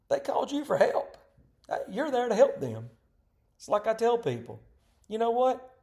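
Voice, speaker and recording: A man's voice: high voice, darkish tone. A man giving an informal EMS training talk, folksy and conversational, full of rhetorical questions. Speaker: EMS instructor.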